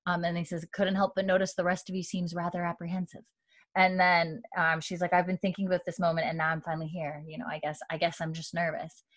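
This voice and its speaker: A woman co-hosting a podcast, casually retelling a TV episode, scattering likes and ums and quoting lines quietly. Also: on the low side, monotone, fast, dry recording. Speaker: podcast co-host recapping a TV episode. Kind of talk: casual recap chat.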